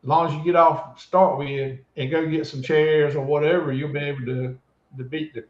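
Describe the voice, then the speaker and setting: A man chatting on a livestream, talking haltingly with many ums and restarts. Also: on the high side, level tone. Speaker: livestream guest. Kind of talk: casual chat. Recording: dull, roomy audio.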